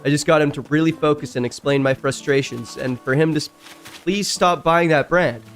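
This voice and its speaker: A man with a slightly high-pitched voice reads online stories aloud as a streamer, breaking off to react in a casual, chatty way. His reactions jump suddenly louder and higher. Faint game music plays behind him. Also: moderate pace.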